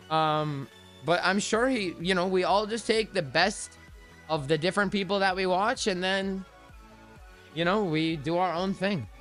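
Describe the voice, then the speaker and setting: A man's voice: high-pitched, fairly bright tone. A young man hosting a crypto trading livestream, chatty and hyped, talking straight to his chat while sounding tired. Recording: music playing faintly behind.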